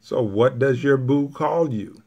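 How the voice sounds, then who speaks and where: A man's voice: mid-range voice, unhurried, mellow, breathy edge, highs cut off. A man teaching Spanish grammar to a class, patiently repeating each point step by step.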